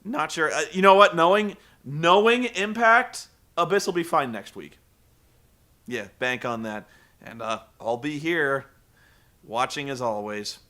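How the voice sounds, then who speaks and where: A man casually recapping a wrestling show, rambling and profane, telling the story with animated energy. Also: on the high side, unhurried.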